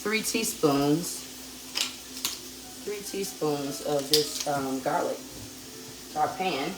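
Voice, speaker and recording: A woman hosting a live cooking demonstration, calm and chatty as she talks straight to her viewers. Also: low voice, slow. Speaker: cooking show host. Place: home kitchen. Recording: echoey kitchen with sizzling pan noise. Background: frying and sizzling from the pan.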